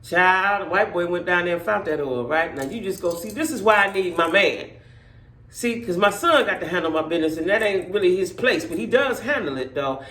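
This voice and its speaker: A middle-aged woman, telling stories to her viewers in a blunt, profane, animated way. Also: lowish voice, a little fast, roomy sound. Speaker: vlogger. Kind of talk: casual storytelling rant to viewers.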